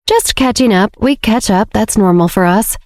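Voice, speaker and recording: A woman's voice: mid-range voice, moderate pace, dry recording, clean studio sound, lightly acted. A woman voicing a nervous, awkward young man who stammers and rambles, in an audiobook. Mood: flustered. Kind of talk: audiobook character voice.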